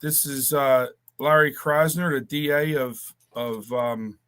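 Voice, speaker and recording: A man's voice: on the high side, fairly even intonation, slow pace, a bit bright, smooth. A man co-hosting a casual political talk stream, reading viewer comments aloud and teasing his co-hosts. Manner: reads chat comments aloud, joking, teasing. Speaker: co-host. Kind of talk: casual political chat show.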